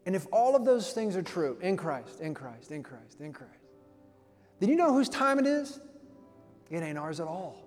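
A young man preaching a sermon, casual and slangy, swinging from soft tones to loud energetic bursts. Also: high voice, moderate pace, faint music behind. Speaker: pastor. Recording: long hall reverb.

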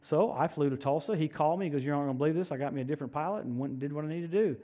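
A man preaching a sermon, telling personal stories with animated swings from loud proclamations to hushed asides. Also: on the high side, racing. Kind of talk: sermon with storytelling.

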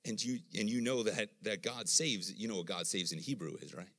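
A middle-aged man with a voice on the low side preaches a little fast. His sermon is full of stories told with animation, and he voices the quoted characters himself.

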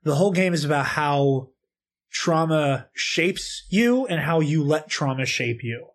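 A man with a slightly raised voice chats excitably on a podcast, piling up fillers as he retells a game moment. His telling is animated and casual. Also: fairly high pitch, unhurried. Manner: excitable, storytelling with lots of fillers. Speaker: podcast co-host. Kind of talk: casual podcast chat about video games.

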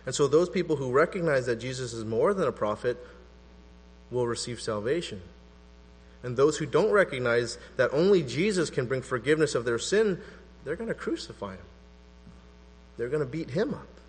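Animated male preacher in a reverberant hall. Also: mid-range voice, moderate pace, breathy edge. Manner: animated, conversational preaching with acted-out quotes. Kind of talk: sermon. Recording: long hall reverb with mains hum.

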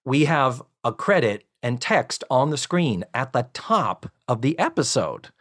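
A man's voice: mid-range voice, measured pace. A man co-hosting a podcast, casually recapping a sitcom episode and acting out the characters' lines with sarcasm. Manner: animated storyteller, acts out quoted lines with sarcasm.

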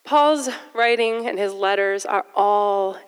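A woman's voice: mid-range voice, slow, clean tone. Woman preaching in a reverberant hall. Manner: conversational, self-deprecating asides. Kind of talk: sermon.

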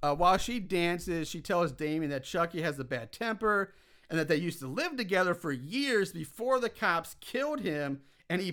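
A man casually recapping a film plot for a podcast, animated and swearing when worked up. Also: sits high. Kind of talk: casual chat.

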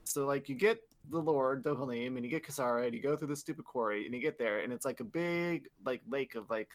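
A podcast host with a mid-range voice talks fast, recapping in a casual, rambling chat. He swears often and leans heavily on filler words.

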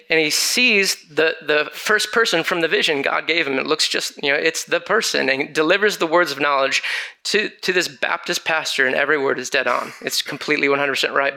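Male preacher, bright edgy voice, animated storyteller who acts out the quoted voices. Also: fairly high pitch. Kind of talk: storytelling sermon.

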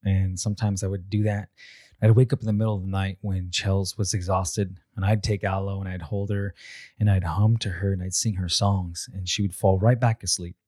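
A young father with a deep, low voice talks in a measured, unhurried way. He often repeats a word as he gathers his thoughts. The sound is close and dry, with no room around it. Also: flat delivery, darkish tone, no room sound. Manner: measured, repeats words as he thinks. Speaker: father sharing parenting traditions. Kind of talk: reflective talk.

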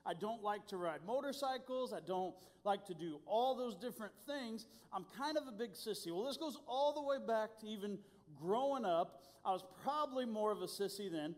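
A youth pastor from Indiana preaching a sermon, telling stories in an animated, self-deprecating way. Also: male voice, sits high, normal speed, hardly any pauses. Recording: long hall reverb.

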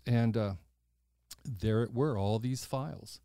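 A man's voice: medium pitch, takes it slowly, clear, resonant tone, dry recording, clean studio sound. A man in his sixties, a podcast host, telling a personal story in a casual, blunt way, acting out the voices of the people in it. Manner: animated storyteller who acts out quoted voices, blunt and swears casually.

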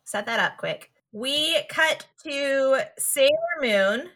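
A woman's voice: high-pitched, expressive, slow, sharp tone. A woman co-hosting a casual podcast chat, animatedly retelling scenes and acting out lines. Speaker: podcast co-host.

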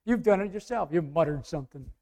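A man preaching a sermon in a conversational way, asking the congregation questions and swinging from quiet asides to loud emphasis. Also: fairly high pitch, animated, quick pace.

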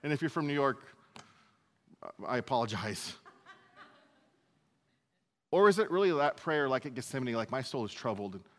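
A man's voice: mid-range voice, expressive, moderate pace, long pauses, fairly bright tone. Conversational male pastor in a reverberant hall. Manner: conversational, self-deprecating asides. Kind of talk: sermon, verse-by-verse teaching.

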